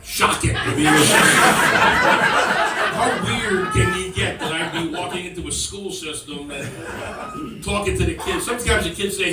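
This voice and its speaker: A middle-aged man tells rambling stand-up stories, now and then slipping into kids' voices. His voice sits a little high and comes from a distance off the mic. The room is echoey, and a crowd laughs loudly behind him. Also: expressive, moderate pace, heavy background noise. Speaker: stand-up comedian. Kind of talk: stand-up routine. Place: comedy club stage with audience.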